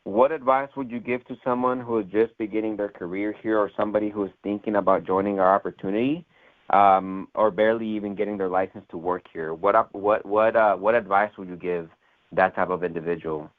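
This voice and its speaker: Low-voiced man hosting a sales call. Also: steady tone, fairly quick. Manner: rambling, many fillers and "right?" tags. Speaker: host. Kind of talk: motivational sales call interview. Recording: tinny phone line.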